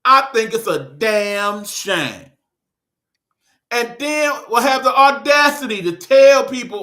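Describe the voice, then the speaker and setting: A man's voice: extremely high pitch, animated, slow pace, sharp tone. A man with a Detroit accent hosting his own online show, ranting in a blunt, profane, joking way. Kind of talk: casual ranting monologue.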